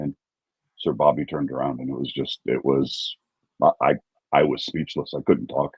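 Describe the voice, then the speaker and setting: Casting: low, breathy man, fan story, dull dry lo-fi sound. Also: fairly even intonation, dry recording. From California. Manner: halting storyteller, repeats words. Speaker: guest fan. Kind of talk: casual chat.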